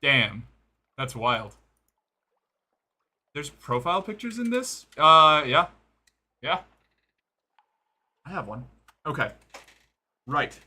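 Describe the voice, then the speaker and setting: A man's voice: fairly high pitch, big pitch swings, slow, long pauses, pushed and bright, slightly rough. A man streaming live, chatting casually to his viewers while playing a game. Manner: chatty, talks to chat while playing and exercising.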